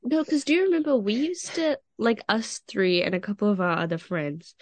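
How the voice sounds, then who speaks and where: A woman's voice: medium pitch, normal speed, no room sound. A teenage girl co-hosting a casual podcast with friends, telling stories animatedly and acting out the people she quotes. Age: teens. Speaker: podcast co-host. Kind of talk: casual chat among friends.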